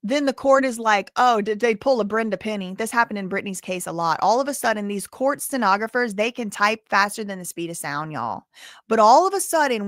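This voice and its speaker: A woman hosting a stream, reading court transcript quotes aloud with animated exclamations. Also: medium pitch, no echo, clean studio sound. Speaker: commentary host.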